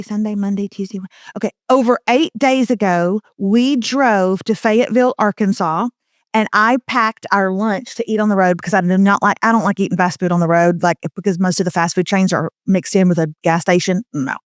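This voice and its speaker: A middle-aged woman, co-hosting a casual chat show and telling stories with animated put-on voices. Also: medium pitch, a little fast, dry recording, studio quality. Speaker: podcast co-host.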